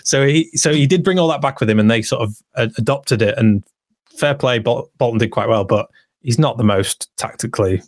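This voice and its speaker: A man's voice: mid-range voice, fairly quick, no echo, clean studio sound. A man co-hosting a casual football podcast, chatting and reading out listener messages. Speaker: podcast co-host.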